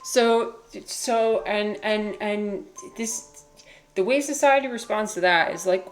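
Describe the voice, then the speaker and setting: A woman talking casually on a livestream, reading chat aloud. She is animated, swears freely, laughs often and uses many fillers. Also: medium pitch, slow pace, faint music behind.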